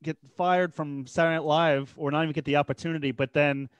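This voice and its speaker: A man hosting a video-call podcast, asking slow, searching questions full of fillers and restarts. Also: a little high, steady tone, no echo, lo-fi sound. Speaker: podcast host. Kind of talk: casual podcast chat.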